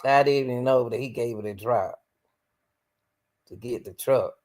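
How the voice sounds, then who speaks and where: A woman's voice: rumbling low, normal speed, a little mellow. A woman hosting a livestream, commenting on courtroom footage in a casual, emphatic, incredulous way, often breaking into laughter. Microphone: livestream computer mic.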